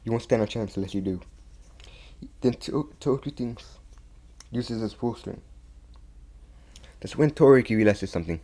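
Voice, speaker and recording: A young man casually retelling a fan-made story, halting often and restarting his sentences. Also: on the low side, mellow. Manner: halting, many restarts and repeats.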